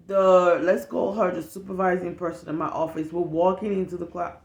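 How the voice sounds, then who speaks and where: A woman telling stories in casual talk, animated and profane, acting out the people in them. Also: lowish voice, a little fast, few pauses, reverberant. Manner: animated, profane, acts out the people in her story. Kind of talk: casual storytelling.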